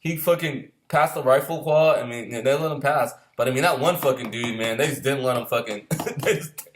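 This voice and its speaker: A man telling a casual anecdote about boot camp, profane and laughing often, who acts out yelling drill instructors. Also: mid-range voice, moderate pace, a little hiss or hum. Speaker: storyteller recalling boot camp.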